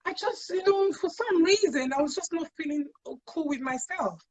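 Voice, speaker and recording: A woman with an extremely high-pitched, animated voice speaks at normal speed as a talk show guest recounting her personal experience. She tells it earnestly, repeating phrases for emphasis, in a dull lo-fi recording.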